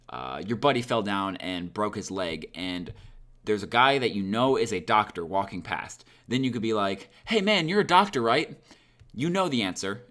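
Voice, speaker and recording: A man's voice: lowish voice, fairly bright tone. A young man explaining a grammar point in a casual, conversational lesson, acting out short example lines. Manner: conversational, many fillers, acts out example lines. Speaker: language teacher.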